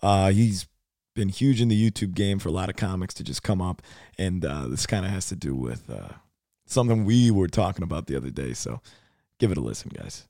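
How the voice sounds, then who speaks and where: A man's voice: low voice, animated, a little fast, mellow, no room sound, clean studio sound. A young man co-hosting a casual podcast, laid-back and slangy. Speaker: podcast co-host.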